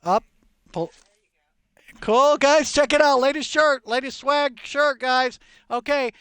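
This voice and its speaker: Excitable male streamer, rambling, salty, dead-dry sound. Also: very high-pitched, slow pace, dry recording. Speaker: poker streamer. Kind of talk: casual live stream chat.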